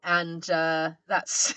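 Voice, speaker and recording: A woman's voice: lowish voice, sharp tone, dry recording. A woman live streamer chatting casually with her viewers. She greets them and reads their messages aloud, talking into a desk mic with a pop filter.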